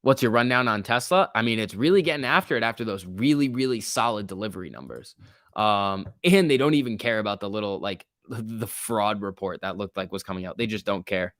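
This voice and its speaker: A young man hosting a casual stock-market livestream, chatty and excitable, reading chat messages aloud. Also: fairly low pitch, brisk, no echo, clean studio sound.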